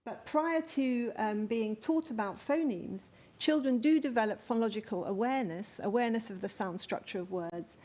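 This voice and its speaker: A woman's voice: fairly high pitch, moderate pace, hardly any pauses, a little mellow. A woman, speaking, gives a conference talk. She explains things carefully, with some fillers and restarts. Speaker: lecturer. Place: conference venue.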